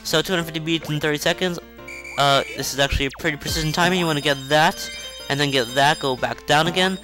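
A man casually commenting on a video game as he plays, chatty and rambling, with self-mocking asides and excited outbursts. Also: on the high side, quick pace. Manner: excitable outbursts during play. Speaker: video game let's-play host. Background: faint game music.

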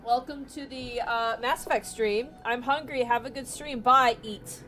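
A woman's voice: a little high, steady tone, a little slow, sharp tone. A woman live-streaming a video game, chatting casually and playfully with viewers and friends.

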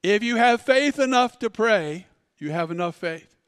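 A male pastor delivers a storytelling sermon, dropping to quiet asides and then rising to loud, dramatic peaks. His high, clear voice moves at an unhurried pace. The mic is close and dry, but a long church reverb trails after him. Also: expressive. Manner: storytelling preacher, swings from loud shouts to hushed asides. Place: church sanctuary.

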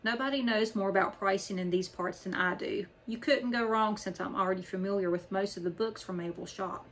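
A gruff, blunt old book appraiser who brushes off children, as a woman reads him aloud. He speaks dismissively in a middle-pitched voice. A faint noise sits under the recording. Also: a little fast, fairly bright tone, natural voice. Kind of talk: audiobook character reading.

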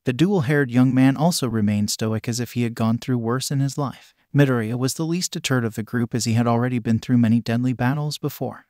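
A man giving a steady scripted narration of a fan fiction story. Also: medium pitch, fairly quick, no echo, studio quality.

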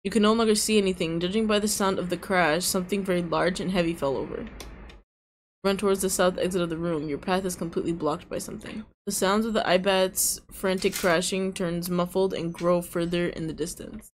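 A woman's voice: fairly low pitch, fairly even intonation, a little fast, slight background noise. A young woman hosting a gaming video, reading the game's narration aloud and chatting casually with playful, teasing humor. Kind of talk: reading game text aloud, casual commentary.

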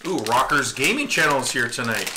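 A man's voice: mid-range voice, lively intonation, fairly quick. A man in his forties, a dad hosting a casual family livestream, joking around and reading viewer comments aloud. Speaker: family vlog host and dad. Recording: roomy echo with background noise.

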